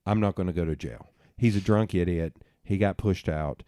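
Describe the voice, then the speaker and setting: A middle-aged man, hosting a podcast and telling animated stories with plenty of swearing and laughter at himself. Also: sits low, moderate pace, no echo, clean studio sound. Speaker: podcast host. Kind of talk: casual storytelling chat.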